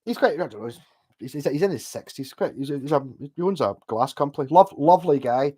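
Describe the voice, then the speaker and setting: A man with a softened Glaswegian accent talks loosely to his stream audience, reacting to comments as they come in. He wanders from point to point, trips over his own restarts and drops casual swearing. His laughs slip in between his thoughts. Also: a little high, animated, brisk, breathy edge. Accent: Glaswegian Scottish, softened. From Scotland. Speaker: livestreamer. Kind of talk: casual livestream chat, answering viewer comments.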